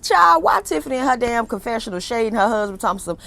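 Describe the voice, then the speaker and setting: A woman's voice: a little high, expressive, fast talker, creaky, few pauses, a bit bright. A young woman, recapping a reality TV episode in a blunt, profane, sassy way and laughing often. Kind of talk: casual recap commentary.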